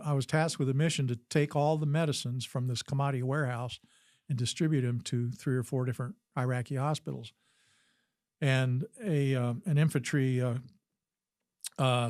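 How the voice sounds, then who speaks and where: A man's voice: mid-range voice, darkish tone, no echo, clean studio sound. An older man, a podcast guest and former combat physician, telling a story in an interview with earnest delivery and frequent restarts. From United States.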